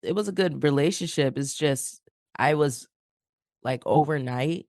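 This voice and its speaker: A woman's voice: low voice, measured pace, no room sound, studio quality. A woman from New York, a podcast guest, telling her story casually and acting out the dialogue. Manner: animated, acts out quoted dialogue.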